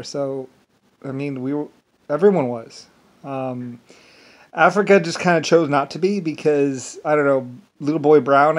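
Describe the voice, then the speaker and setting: A man in a rambling casual monologue, chuckling often between phrases as a vlogger. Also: medium pitch.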